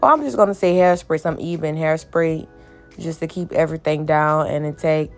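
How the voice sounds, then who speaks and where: Young woman, vlogger, low voice, groggy morning voice, chatty, faint music behind. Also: normal speed. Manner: chatty, relaxed, addresses viewers as y'all. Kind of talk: casual chat to camera.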